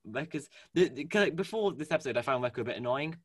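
A man co-hosting a casual fan chat, animated and gushing, with lots of fillers and restarts. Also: medium pitch, fast, no room sound, clean studio sound. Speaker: podcast co-host. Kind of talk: casual fan chat about a cartoon series.

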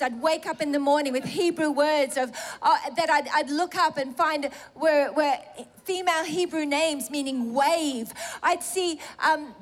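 Middle-aged aussie woman preaching her story, bright high voice, animated. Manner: animated, self-mocking, laughs through emotional moments. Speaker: preacher sharing a testimony. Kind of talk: sermon testimony storytelling.

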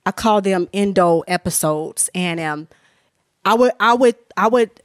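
A woman tells her faith story on a podcast, earnest and open and often close to tears. She talks in loose, conversational bursts full of restarts and "you know." Her voice sits at a middle pitch and sounds dry and close to the mic. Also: measured pace, no room sound. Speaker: author and minister, podcast guest. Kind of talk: candid personal testimony in conversation.

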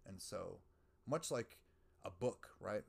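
Rambling low-voiced man musing on a podcast. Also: lively intonation, takes it slowly, vocal fry, slightly rough. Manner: rambling, profane, self-mocking, muses aloud. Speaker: podcast host. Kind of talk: casual rambling monologue.

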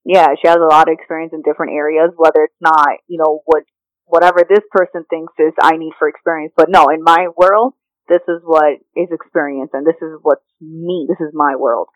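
A woman's voice: sits low, fairly even intonation, brisk, dry recording, dull audio. A woman talking through her life as a coaching client, rambling and reflective, with many fillers and restarts. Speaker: coaching client and podcast guest. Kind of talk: casual reflective talk.

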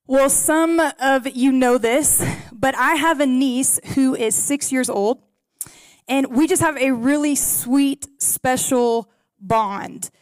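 Speaking slowly in a high, bright voice, a woman preaches to a gathered audience in a room, telling stories, reading scripture, and praying softly in an earnest, heartfelt way. The recording is dry and close, with little room echo.

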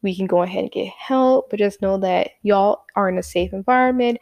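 A woman acting out a calm, reassuring male martial arts instructor in a patient, soothing way. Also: mid-range voice, fairly quick, vocal fry, no echo, highs cut off, lightly acted.

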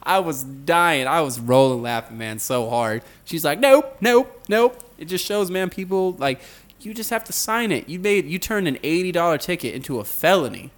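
A man in casual chat, animatedly retelling a story and acting out the voices of the people in it. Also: normal speed. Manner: animated storyteller, acts out voices with big pitch jumps.

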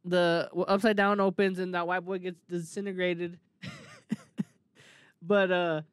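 A young man chatting casually retells scenes with animation, swearing freely and laughing a lot. He speaks unhurriedly in a high, smooth voice, with no room sound in the recording.

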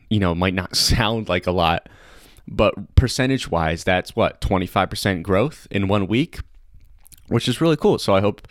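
A young man hosting a casual comedy podcast, chatty and excitable, laughing often. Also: lowish voice, no echo, studio quality. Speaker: podcast host.

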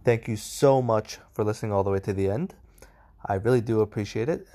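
A man's voice: fairly low pitch, brisk, dark tone, soft background music. A man hosting a podcast in an easygoing, amused way, reacting to jokes with laughter. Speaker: podcast host. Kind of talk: casual podcast chat.

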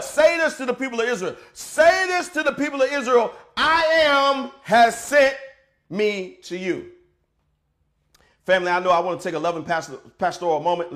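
A male pastor preaching a sermon in a casual, colloquial way, moving from quiet to shouted declarations. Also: very high voice.

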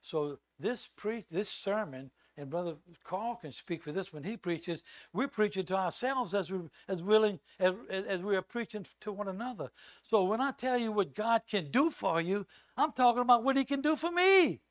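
An older man, a visiting preacher, giving a sermon full of personal stories and acting out quoted lines loudly. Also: high-pitched, normal speed, no room sound. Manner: animated storyteller who acts out loud quoted lines.

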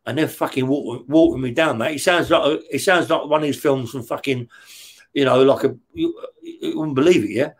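A man, mid-pitched, telling a story in plain, coarse words. He swears all the time and keeps checking in with his listener, talking in short bursts. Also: normal speed, breathy edge. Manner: blunt, heavy swearing, keeps checking with "yeah?". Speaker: interview guest recounting prison life. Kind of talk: casual storytelling.

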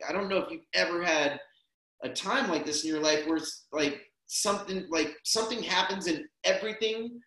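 Laid-back man telling a story, roomy sound. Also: a little high. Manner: relaxed, rambling, peppers speech with "man" and "dude". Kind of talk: casual personal storytelling. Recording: roomy echo.

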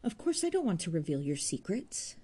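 A woman's voice: lowish voice, big pitch swings, a little fast, mellow, slightly rough. A woman reading aloud voices a weary, bitter young man who speaks in a tense, clipped way. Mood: troubled.

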